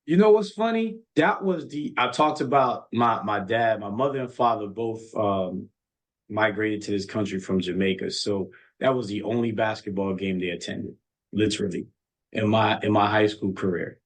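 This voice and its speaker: A man's voice: lowish voice, normal speed. Earnest storytelling coach, a man. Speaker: college basketball coach. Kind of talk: casual chat.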